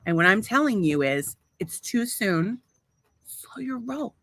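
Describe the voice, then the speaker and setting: A woman's voice: medium pitch, big pitch swings, unhurried, a bit bright, no echo. A woman co-hosting a casual podcast, blunt and profane, teasing her husband and answering listeners. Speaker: podcast co-host. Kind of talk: casual banter.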